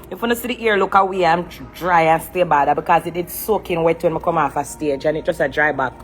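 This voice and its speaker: A woman's voice: sits low, fast. A Jamaican woman in casual chat, laughing through a story and mimicking a pleading man.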